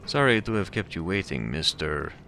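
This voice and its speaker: A man voicing a pleasant, cultured man in a game, using a put-on Russian accent and a smooth, courteous manner. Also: sits low, sing-song, moderate pace, pushed and bright, a little hiss or hum, full character voice.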